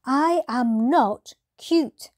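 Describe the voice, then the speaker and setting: A woman's voice: a little high, slow pace, a little mellow, pitched above the performer's own voice. A woman voicing a small baby boy owl who protests and pouts. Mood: indignant. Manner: insistent, pouty protests.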